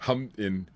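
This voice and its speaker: A man, a stand-up comedian, telling road stories in a loose, excitable way, laughing and swearing as he goes. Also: on the low side, slight background noise. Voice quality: excitable, swears freely, laughs through punchlines. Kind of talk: animated storytelling.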